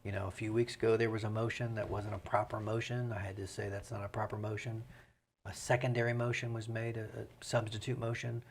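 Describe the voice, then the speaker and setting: A man's voice: lowish voice, level tone, quick pace, creaky, few pauses, a little hiss or hum. A man with a Southern US accent, a mayor speaking as an interview guest in casual, rambling talk with many fillers. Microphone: studio microphone.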